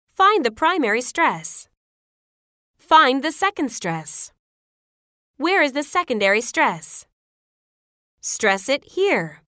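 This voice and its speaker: A woman reading out classroom phrases as a pronunciation teacher, clear and deliberate. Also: a little high, pushed and bright, no room sound, clean studio sound.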